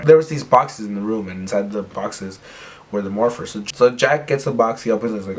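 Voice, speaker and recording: A man's voice: on the low side, a little fast, a little hiss or hum. A young man giving a casual recap, rambling and full of fillers. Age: young adult. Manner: rambling, filler-heavy retelling. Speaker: recap vlogger.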